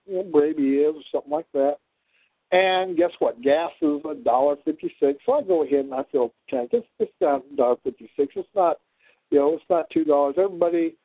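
A man with a fairly high voice, rambling through a long story and restarting often. The sound is dry and narrow, as if heard over a phone line. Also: breathy edge, dry recording. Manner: rambling, with many fillers and restarts. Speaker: show host. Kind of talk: rambling monologue.

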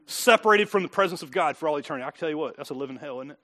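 Man preaching a sermon, high voice, bright tone, hushed asides then loud emphatic lines, frequent laughs. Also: lively intonation, very fast. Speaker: pastor.

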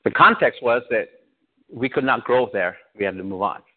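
A pastor from Southern California giving an animated personal testimony, often laughing as he tells it. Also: medium pitch, moderate pace. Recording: tinny phone-like sound.

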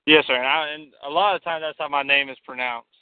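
A man's voice: a little high, steady tone, quick pace, clear, resonant tone. A young male college football player giving polite, brief answers in an interview. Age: young adult. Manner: polite and brief, says yes sir. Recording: phone-line call.

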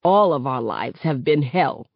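A woman's voice: very deep voice, animated, measured pace, creaky, no room sound, muffled recording, full character voice. A woman reading aloud, voicing a middle-aged father who earnestly complains about his family's hardship. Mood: aggrieved.

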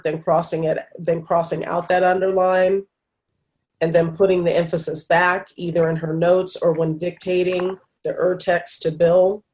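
Flat, low-voiced woman in a discussion. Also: a little hiss or hum. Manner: reads text aloud with hesitant fillers. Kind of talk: group discussion.

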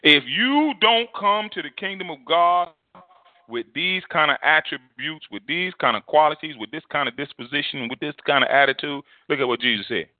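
A man preaches with a high, ringing voice, repeating words and swinging between loud and quiet. The sound is narrow and phone-like, dry and close. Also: expressive, moderate pace, no room sound. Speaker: pastor. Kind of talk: sermon.

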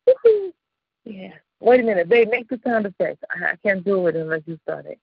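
A woman radio host from the Chicago suburbs tells her own stories in a loose, animated, slang-filled way and laughs easily. Her voice sits at an ordinary middle pitch for a woman. The sound is dry and close, a little dull in the top end. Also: a little fast, creaky, breathy edge, dry recording. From Chicago suburbs, United States. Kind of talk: casual storytelling chat.

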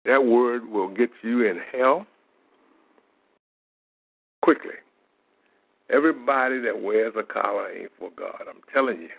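A man's voice: on the low side, fairly quick, creaky, few pauses. A man, telling faith-healing stories in a plain-spoken, folksy way as a lay minister. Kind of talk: informal testimony monologue. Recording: tinny phone-like audio.

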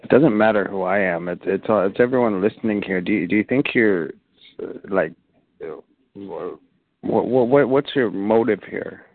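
Man from Texas, low gravelly voice, challenging caller, mocking with stammered restarts, dry phone-line sound. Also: moderate pace. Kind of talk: heckling casual talk. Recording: tinny phone-line audio.

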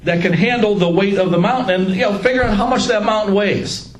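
A man leading a casual Bible study group, joking and lively as he teaches. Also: high voice, fairly quick, a little hiss or hum. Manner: joking, animated, laughs at own lines. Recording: echoey room with faint ambience.

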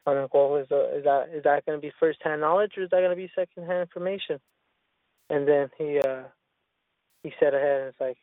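A man's voice: fairly high pitch, steady tone, fast talker, dry recording. A man telling a rambling story in casual chat, with lots of profanity and restarts. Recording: tinny phone-line sound.

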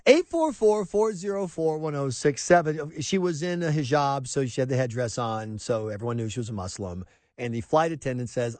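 A man's voice: mid-range voice, lively intonation, moderate pace, a little mellow, dry recording. A man hosting a talk radio show, ranting in a sarcastic, exasperated monologue into a studio microphone.

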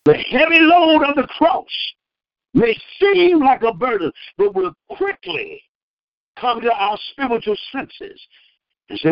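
A man preaching a fervent sermon, acting out the people in the verses and breaking into loud bursts. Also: very high-pitched, sing-song, takes it slowly, dry recording, dull audio. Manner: acts out the speakers in the verses.

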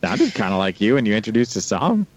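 A man co-hosting a podcast, chatting casually and reading listener emails aloud in a relaxed way. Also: lowish voice, fast talker, dull audio. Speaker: podcast co-host.

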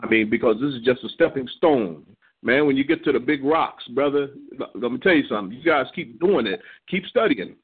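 A man's voice: medium pitch, expressive, a little fast, slightly rough. Older man exhorting over a phone line. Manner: exhorting, repeats words while searching. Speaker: elder leading a ministry prayer call. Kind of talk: encouraging church talk.

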